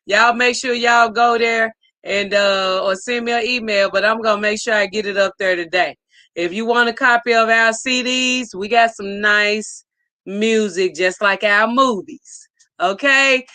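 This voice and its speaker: A woman's voice: a little high, fairly even intonation, measured pace, sharp tone, dry recording. A woman hosting a casual live stream, reading viewer comments aloud in an upbeat, effusive way.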